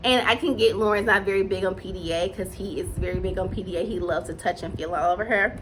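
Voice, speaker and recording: A young woman casually reviewing a reality show, chatty and gushing, breaking into high squeals when excited. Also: quick pace, background noise.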